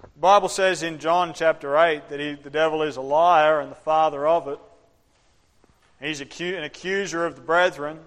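Speaking at a normal speed, a man gives an animated, interactive sermon and now and then acts out brief character voices. His fairly high male voice rings through the long reverb of a church hall.

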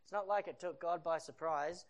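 Animated preacher acting out the story. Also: medium pitch, normal speed. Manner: animated storytelling that acts out the scenes. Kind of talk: sermon.

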